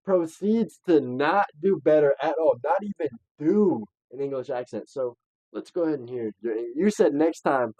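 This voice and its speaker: A man's voice: fairly high pitch, normal speed, mellow, no room sound. A man hosting a casual late-night podcast chat with friends, teasing and joking with plenty of swearing, on a microphone hung from fishing line. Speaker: podcast host. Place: room at home late at night.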